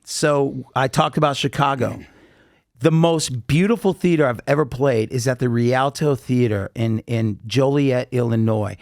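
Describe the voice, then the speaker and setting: Male podcast guest, mid-pitched, animated storyteller, dry close recording. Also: measured pace, no echo. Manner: animated storyteller acting out quotes. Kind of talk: casual chat, storytelling.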